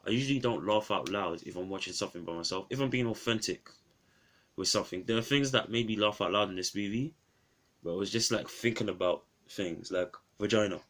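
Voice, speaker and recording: A man's voice: on the low side, brisk, a bit bright. A man reviewing an old film in a casual, rambling vlog, often restarting his phrases.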